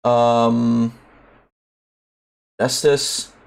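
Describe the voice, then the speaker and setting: A man's voice: mid-range voice, level tone, extremely slow, gravelly, clean tone. A young man streaming a game, chatting casually in a rambling, profane, ranting way. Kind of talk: casual live-stream commentary.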